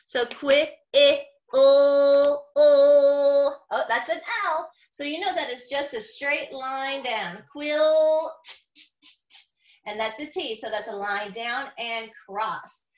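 A kindergarten teacher, a woman with a high voice, leads young children through a phonics lesson. She sounds out each word slowly and clearly and praises them with cheerful encouragement. The recording is dull and lo-fi. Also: a bit bright.

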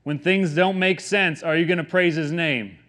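Male pastor in his thirties, sermon delivery, earnest and conversational, slightly high voice. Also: normal speed. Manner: earnest, conversational, swings from quiet to emphatic.

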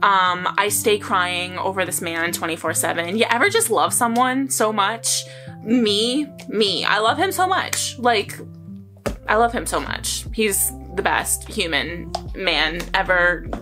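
A woman's voice: mid-range voice, expressive, a little slow, music in the background. A young woman vlogger telling a story to her viewers in a casual, rambling way, with lots of fillers and bursts of laughter.

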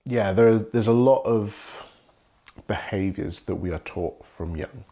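A young British man with a very deep voice and a gravelly edge. He speaks in a measured, thoughtful and polished way, and there is a husky grain running under it. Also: dark tone. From Britain. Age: young adult. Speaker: guest. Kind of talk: reflective conversation.

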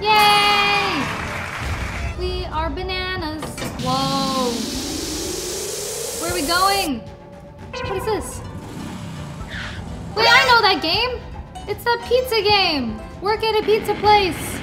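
A woman's voice: very high voice, slow, long pauses. A woman commentating a video game, squealing and shrieking her reactions, with game music behind her. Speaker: gaming YouTuber. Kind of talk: excited gameplay commentary.

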